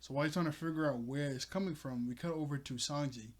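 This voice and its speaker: A man's voice: on the high side, fast talker. A man giving a casual, rambling recap of a manga chapter, chuckling as he goes. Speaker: manga reviewer.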